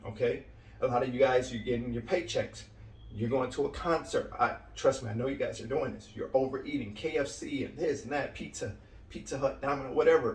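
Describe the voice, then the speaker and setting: Blunt man coaching, distant roomy mic. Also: mid-range voice. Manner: blunt and direct, ends points with "right?" and "okay?"; repeats key lines for emphasis. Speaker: cleaning business coach. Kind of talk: motivational coaching talk. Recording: roomy sound from a distant mic with faint background noise.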